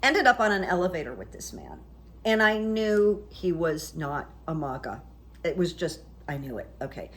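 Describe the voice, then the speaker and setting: A woman's voice: deep voice, very animated, moderate pace, fairly bright tone. Chatty middle-aged woman vlogging. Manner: chatty, rambling storyteller, frequent fillers. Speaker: psychic YouTuber. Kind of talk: casual vlog chat.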